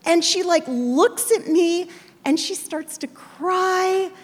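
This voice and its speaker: A middle-aged novelist telling stories in a chatty, self-deprecating way, full of fillers, as an interview guest. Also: female voice, very high-pitched, slow pace, in a large hall. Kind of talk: storytelling conversation.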